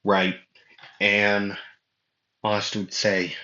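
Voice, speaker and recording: A man narrates a made-up fan story at a slow, unhurried pace, full of fillers and restarts. His low voice has a bright, forward edge. The recording is muffled and lo-fi, with noticeable room echo. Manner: rambling, many fillers and self-corrections. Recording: muffled lo-fi audio in an echoey room.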